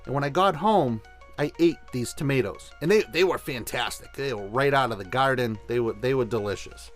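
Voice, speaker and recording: A show host shares a story and offers tips in an enthusiastic, conversational way. His medium-pitched voice moves a little fast, with faint music in the background.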